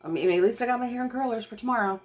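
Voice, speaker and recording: A woman, vlogging casually while overwhelmed and close to tears, rambling with restarts and nervous laughs. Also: a little high. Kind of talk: casual vlog talk to camera.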